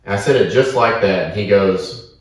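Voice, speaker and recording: A man from Oklahoma, co-hosting a podcast and telling a story in a casual, animated, profane way. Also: fairly low pitch, normal speed. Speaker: podcast co-host. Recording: echoey room, mic at a distance.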